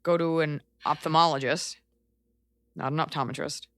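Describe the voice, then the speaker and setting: A woman in her forties hosting a podcast, giving blunt advice in a casual chat, animated and quick with asides and swearing. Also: low voice, no room sound. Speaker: podcast host.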